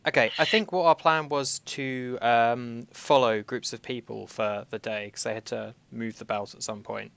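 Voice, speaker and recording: A man's voice: mid-range voice, fairly even intonation, moderate pace, creaky, few pauses, a bit bright, slight background noise. A man playing a tabletop game, methodical, thinking aloud as he sorts out suspects. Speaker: player. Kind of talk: casual tabletop chat.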